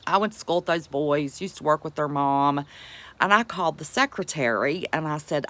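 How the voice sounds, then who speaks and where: A woman's voice: low-pitched, lively intonation, moderate pace, a bit bright. A woman with an Appalachian accent, chatting folksily to viewers on a homestead live stream. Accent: Appalachian American. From West Virginia. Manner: folksy, chatty, calls viewers sweetheart and buddy. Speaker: homestead vlogger greeting live chat. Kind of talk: casual live-stream chat.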